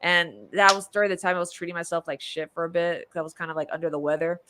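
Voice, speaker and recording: A woman's voice: lowish voice, fairly even intonation, fast, noisy background. A woman hosting a podcast, chatting casually and rambling through a movie review, laughing often. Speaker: podcast host.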